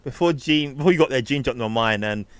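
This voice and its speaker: A man's voice: mid-range voice, expressive, smooth, no echo. Man rambling through a film recap. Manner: rambling, acts out characters' lines in quick asides. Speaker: film review podcast co-host. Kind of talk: casual chat recapping a film.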